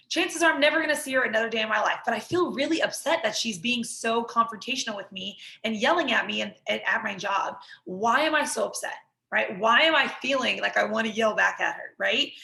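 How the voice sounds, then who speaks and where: Lady teaching a workshop, bright gravelly voice, keeps asking right?. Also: fairly high pitch, animated, fast talker, reverberant, low-quality recording. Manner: talks through an example, often checks in with "right?". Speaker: workshop instructor. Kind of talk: conversational teaching.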